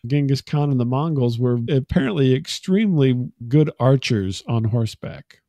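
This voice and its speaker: A man's voice: mid-range voice, normal speed, dark tone, no room sound. A man co-hosting a podcast in casual chat, playful and joking. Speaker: podcast co-host.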